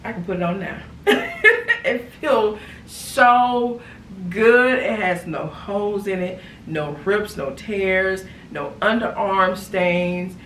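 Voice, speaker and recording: Slow, gravelly woman vlogger. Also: medium pitch. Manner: animated, repeats phrases for emphasis. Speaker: lifestyle vlogger. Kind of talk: casual haul vlog. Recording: echoey room, far from mic, background noise.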